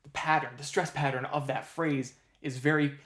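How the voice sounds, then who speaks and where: A man's voice: fairly high pitch, fairly even intonation, normal speed, fairly bright tone. A man hosting a casual music theory tutorial, playful, counting beats and half-singing his examples. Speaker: music channel host. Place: room with a piano. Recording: roomy echo, faint instrument music.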